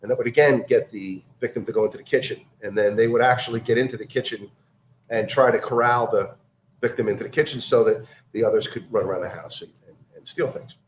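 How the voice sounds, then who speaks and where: Guy telling a story, lots of ums and restarts, roomy echo, faint background hum. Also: on the low side. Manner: halting, many fillers and restarts, acts out quoted voices. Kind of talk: casual storytelling chat.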